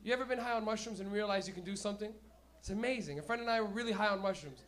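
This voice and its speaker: High-voiced man doing loose stand-up. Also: very fast, a bit bright. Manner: loose, profane, laughs at his own jokes. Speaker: stand-up comedian and host. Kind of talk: stand-up comedy. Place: comedy club stage.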